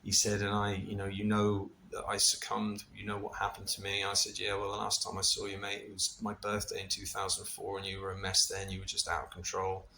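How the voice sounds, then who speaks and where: Gravelly middle-aged man telling a story. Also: lowish voice, brisk, hardly any pauses, a little hiss or hum. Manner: animated, laughing retelling with lots of restarts and swearing. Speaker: vlogger recounting a ceremony experience. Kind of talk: casual personal storytelling.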